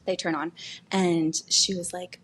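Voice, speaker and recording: A woman's voice: on the low side, unhurried, slight background noise. A woman co-hosting a podcast, telling a story casually and acting out the quoted lines. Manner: animated, acts out quotes while storytelling. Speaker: podcast co-host.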